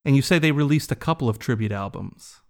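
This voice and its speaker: A man's voice: medium pitch, expressive, quick pace, creaky. Curious male podcast host. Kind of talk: casual interview.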